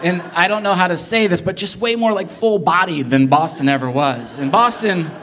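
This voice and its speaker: Excitable high-voiced male storyteller. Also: normal speed. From American Midwest. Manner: animated, excitable, swinging between loud bursts and hushed asides, many "like"s. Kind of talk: personal story told live.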